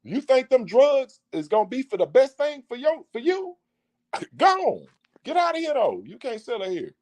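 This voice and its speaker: A man's voice: very high voice, wildly swooping pitch, normal speed, a little mellow, dry recording, voice pushed up, heavily acted. A man voicing God as an exasperated, scolding parent who sends a child out of the house. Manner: scolding, dismissive.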